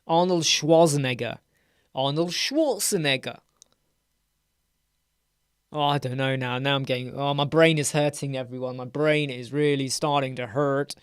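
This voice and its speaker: A man's voice: mid-range voice, little pitch movement, brisk, hardly any pauses, clean tone, no echo, clean studio sound. An English man hosting a casual live Q&A stream from a room at home, chatty and playful, rambling between questions. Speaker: web design live stream host.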